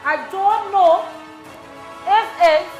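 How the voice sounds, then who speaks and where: A woman with a Trinidadian accent and a high voice talks slowly and insistently in strong local dialect. She pleads and presses her point, with faint music playing behind her. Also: darkish tone, dull audio. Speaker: community advocate. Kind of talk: passionate street talk.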